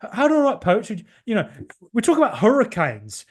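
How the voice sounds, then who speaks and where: A man's voice: high-pitched, wildly swooping pitch, brisk, husky. A man in his forties from Ireland, hosting a podcast and giving a rambling, passionate solo reaction to a football match. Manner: rambling, passionate, swings from shouting to muttering. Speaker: podcast host.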